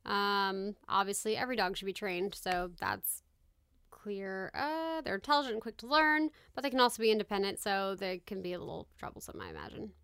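Bright-voiced chatty woman podcast host. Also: medium pitch, normal speed, clean tone, no echo, clean studio sound. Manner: chatty, reads notes aloud with asides and laughs. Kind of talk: casual chat.

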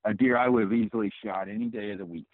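A man's voice: fairly low pitch, steady tone, very fast. A man talking as a podcast guest over the phone, loose and rambling, swearing freely and filling with "you know" and "um". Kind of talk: casual phone chat. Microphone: phone call. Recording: tinny dry phone line.

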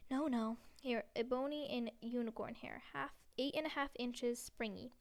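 Woman voicing an intense old wandmaker, high and smooth. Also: fairly even intonation, moderate pace, lightly acted. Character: eerie elderly male wandmaker, intense and fussy.

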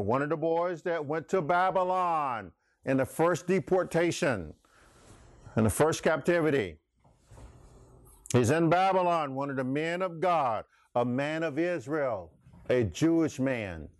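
This middle-aged man leads a Bible class in an animated, unhurried voice on the high side, recorded without echo. He takes a folksy sermon approach, laughing often and quizzing the class.

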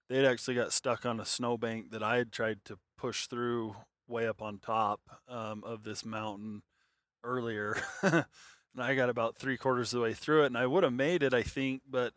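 A man with a fairly low voice tells a long hunting story in a loose, rambling way. He circles back on himself, with fillers and restarts. The sound is dry and close, with no room around it. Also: a bit bright, no echo. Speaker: hunter telling a story. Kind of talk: casual storytelling monologue.

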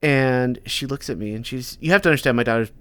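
A young podcast co-host with a smooth, mid-range voice talks at a quick pace during casual chat. He tells stories with lots of energy and acts out the quotes.

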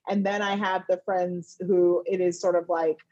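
A woman's voice: lowish voice, little pitch movement, moderate pace, dark tone, no echo, lo-fi sound. A woman television writer and producer chatting as a guest in an interview, telling stories animatedly and acting out what her friends say. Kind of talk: casual interview chat.

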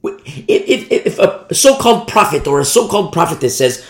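A tired man preaching a sermon in a lively way, acting out the people he quotes. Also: a little high, normal speed, roomy sound. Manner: animated, mimics the people he quotes. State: tired from no sleep.

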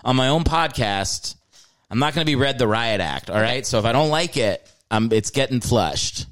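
A man's voice: medium pitch, lively intonation, moderate pace, a bit bright. A man hosting a casual podcast, talking loosely and swearing while rambling about football. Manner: rambling, profane, football talk. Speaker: podcast host.

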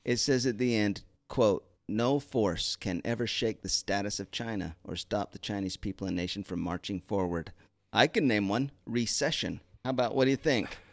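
A man in his thirties co-hosting a podcast in casual chat, making wry, dark jokes. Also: lowish voice, moderate pace, no room sound, clean studio sound. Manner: wry and joking, animated delivery. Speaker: podcast co-host.

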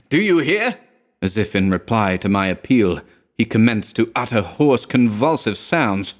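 A man reading a horror story aloud in a measured, grave narrating manner. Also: lowish voice. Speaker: reader.

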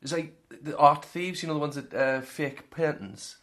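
A man's voice: a little high, moderate pace, a bit bright. Teasing man in jokey banter. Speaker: podcast co-host. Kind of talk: casual chat.

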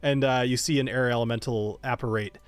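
A man's voice: mid-range voice, fairly even intonation, clean tone, dry recording. Man narrating a tabletop game. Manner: descriptive, halting, with many fillers. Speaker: game master.

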